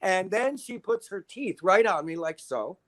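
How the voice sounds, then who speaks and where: Older man, slightly high voice, wry, self-mocking, rambling stories. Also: expressive, a little slow, a bit bright. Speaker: guest. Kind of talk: casual interview chat.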